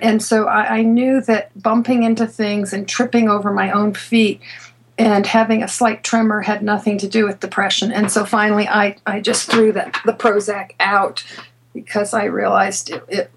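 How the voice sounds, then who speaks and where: A woman guest telling a personal story in conversation, halting and restarting her sentences, laughing now and then. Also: mid-range voice, breathy edge, low-quality recording. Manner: halting, with many restarts and repeated words. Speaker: interview guest.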